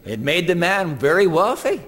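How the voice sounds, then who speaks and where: A man's voice: sits high, very animated, normal speed, fairly bright tone. A man preaching a sermon to a congregation, telling stories and acting out quoted voices. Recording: long hall reverb.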